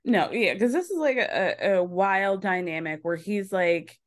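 A woman's voice: mid-range voice, lively intonation, a little slow. A woman guest on a podcast, trading playful, wisecracking banter in a casual recap chat.

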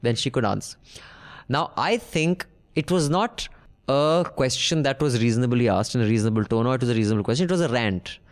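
A man's voice: medium pitch, lively intonation, brisk. A man co-hosting a podcast in casual, opinionated chat. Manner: opinionated, talks over his co-host. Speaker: podcast co-host.

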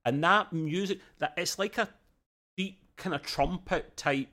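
A man's voice: high voice, unhurried, pushed and bright. A man with an Australian accent co-hosting a podcast, chatting casually and enthusiastically, with lots of restarts. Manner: rambling, enthusiastic, frequent restarts and fillers. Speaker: podcast co-host. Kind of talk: casual review chat.

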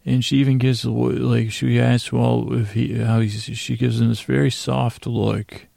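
A man's voice: medium pitch, flat delivery, unhurried, gravelly, warm tone, no echo, clean studio sound. A man hosting a podcast, loosely recapping a TV episode from his handwritten notes, often correcting himself. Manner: loose, meandering, self-correcting. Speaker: podcast host.

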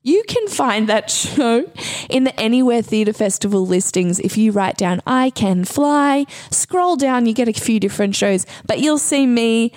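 A woman's voice: fairly high pitch, moderate pace, few pauses, a little mellow. A woman hosting a solo comedy podcast, talking in a playful, rambling, self-mocking way.

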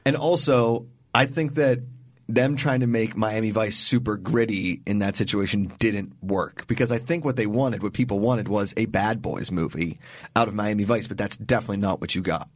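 A man's voice: on the low side, normal speed, no echo. A man co-hosting a podcast in casual chat, rambling and joking as he talks through films and actors. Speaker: podcast co-host.

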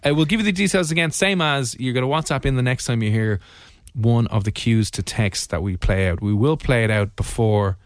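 A man hosting a radio show, chatting and joking quickly with callers and his co-host. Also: medium pitch, no room sound, clean studio sound. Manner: fast, jokey and chatty. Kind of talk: casual radio chat.

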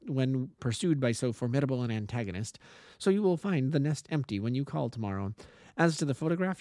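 Teasing, poised young actress, lively lilt, read by a man. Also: medium pitch, no room sound, clean studio sound, lightly acted. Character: sly, poised young actress writing a farewell letter.

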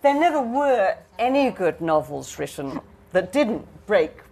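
A woman's voice: mid-range voice, big pitch swings, a little slow, creaky, a little mellow, breathy edge. A woman writer speaking on a panel, emphatic, repeating herself as she builds her point. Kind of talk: panel discussion.

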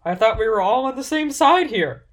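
A woman's voice: a little high, lively intonation, moderate pace, voice pushed up. A woman voicing a tall, cheerful, absent-minded elf woman. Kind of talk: storybook character voice.

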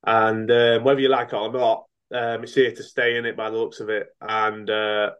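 Frank, rambling boxer. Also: male voice, fairly low pitch, flat delivery, normal speed, fairly bright tone, clear, resonant tone, muffled recording. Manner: rambling, many restarts and fillers, frank. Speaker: professional boxer and coach. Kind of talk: casual interview talk.

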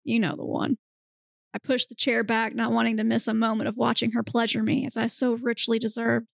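A woman hosting a podcast, reading a comic erotic story aloud in a steady, deadpan manner. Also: a little high, fairly quick, vocal fry, dry recording, studio quality. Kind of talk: dramatic reading of erotic fiction.

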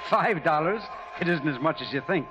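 A man's voice: a little high, lively intonation, brisk, natural voice. An actor playing a fatherly ship's captain in a 1950s radio drama, speaking in a reassuring way. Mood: kindly. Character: kindly ship's captain, middle-aged man. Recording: dull old radio broadcast.

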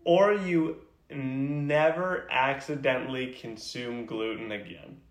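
A man's voice: mid-range voice, slow, roomy sound. A man co-hosting a casual podcast chat, playful and teasing, rambling through made-up scenarios. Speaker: podcast co-host.

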